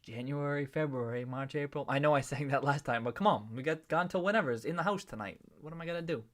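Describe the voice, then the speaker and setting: A man's voice: on the high side, quick pace, a bit bright. A man hosting a live stream, chatting casually and playfully with viewers and greeting them by name. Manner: loose rambling with restarts when explaining.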